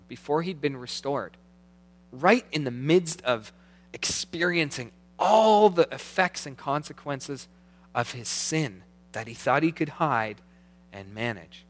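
A man preaching a sermon as pastor, earnest, slowing down to read scripture aloud. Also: mid-range voice. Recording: long hall reverb.

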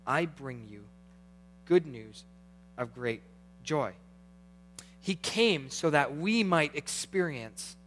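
Dynamic middle-aged pastor preaching. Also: male voice, on the high side, a little hiss or hum. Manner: dynamic preaching, swings from hushed to animated. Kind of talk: sermon.

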